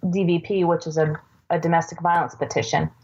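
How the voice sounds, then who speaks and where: A woman in her forties, a podcast guest, earnestly recounting a personal story with halting restarts. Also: on the low side, steady tone, a little mellow, slightly rough. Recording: dull lo-fi recording.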